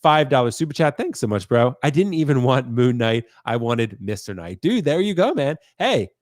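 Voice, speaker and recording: A man hosting a casual collectors' chat, excited and chatty, sounding congested from a cold. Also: medium pitch, normal speed, no echo, studio quality. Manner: excited, chatty, says dude a lot. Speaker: host.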